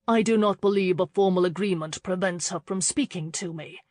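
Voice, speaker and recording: A woman's voice: mid-range voice, fairly even intonation, unhurried, no room sound, close to an everyday voice. A woman voicing an intense, desperate duke who pleads and roars. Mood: strained. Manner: intense, pleading then roaring. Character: brooding duke, man, desperate and commanding.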